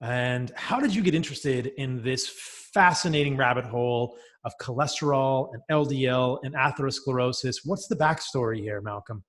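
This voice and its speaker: A man's voice: mid-range voice, moderate pace, hardly any pauses. Upbeat male podcast host. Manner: enthusiastic, upbeat. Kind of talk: podcast interview and ad read.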